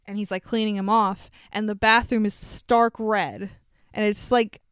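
A woman's voice: mid-range voice, fairly even intonation, a little slow, fairly bright tone, smooth, no echo, studio quality. A woman co-hosting a podcast, recapping a movie in a chatty, swearing, laughing way. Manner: chatty, swears, laughs often, acts out quotes. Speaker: podcast co-host.

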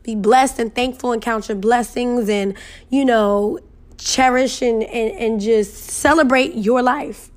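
Young female vlogger, brassy and outspoken, lightly raised pitch, loose casual delivery. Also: takes it slowly. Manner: sassy, profane, emphatic, laughs often. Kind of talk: casual chat to camera.

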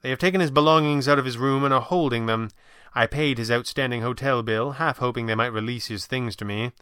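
A man reading an audiobook voices a polite, composed wealthy young gentleman who speaks in a courteous, measured, formal way. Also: medium pitch, smooth, dry recording, studio quality, lightly acted. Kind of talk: audiobook narration.

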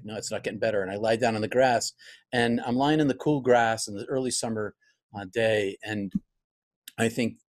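A middle-aged pastor, a guest in an interview, telling a personal story in a reflective way, acting out his own past thoughts and often restarting his sentences. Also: medium pitch.

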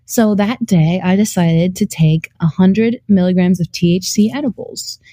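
A young adult woman telling anecdotes in a casual chat, animated and giggly, peppering her speech with "like" and the odd swear word. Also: fairly low pitch, normal speed, no room sound. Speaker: guest storyteller.

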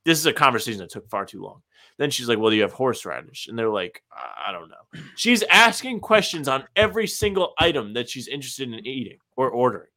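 A young man co-hosts a laid-back podcast, rambling through everyday stories. His voice has a bright, forward edge. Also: medium pitch, sing-song, quick pace. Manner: chatty anecdotes, many "like" fillers. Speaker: podcast co-host. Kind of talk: casual chat.

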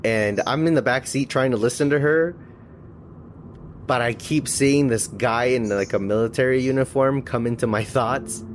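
A man's voice: medium pitch, normal speed, background noise. A man casually recounting a personal story, often chuckling as he goes. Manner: chuckles often while telling. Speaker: storyteller guest.

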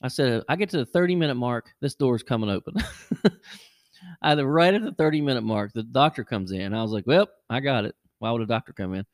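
A middle-aged man tells a story on a podcast in a plain, mid-pitched voice. He gets animated and jumps high whenever he quotes someone. The sound is close and dry, with no room in it. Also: a little fast, dry recording. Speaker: podcast host. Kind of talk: casual storytelling.

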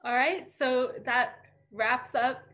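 Chatty podcast host with a higher voice. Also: female voice, takes it slowly, sharp tone. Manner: chatty, laughs often. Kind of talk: casual chat.

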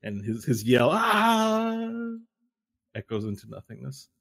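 A man narrating as game master of a tabletop game, animated and often laughing as he describes events. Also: medium pitch, moderate pace.

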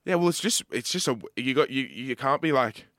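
A young man in his twenties with an Australian accent, co-hosting a podcast and telling a sweary, animated story in casual chat. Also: mid-range voice, a little fast, dry recording, clean studio sound. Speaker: podcast co-host.

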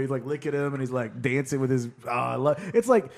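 Young Oklahoma guy, relaxed podcast co-host, laughs a lot, swears casually. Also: mid-range voice, quick pace. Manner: laid-back, laughs often, swears.

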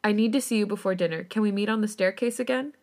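A woman reading as a frightened, tearful young woman in a story podcast, pleading with her voice pitched up. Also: fast talker, darkish tone, lightly acted.

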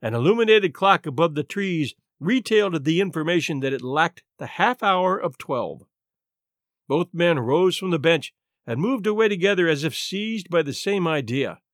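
A man narrating a classic short story aloud with an expressive, theatrical reading. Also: a little high, normal speed, no echo, studio quality. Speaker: narrator and podcast host.

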